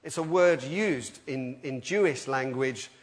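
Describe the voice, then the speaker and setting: A middle-aged man preaching a sermon, animated and conversational, breaking into loud acted-out voices. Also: medium pitch, unhurried. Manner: animated, acts out quoted voices with sudden loud outbursts.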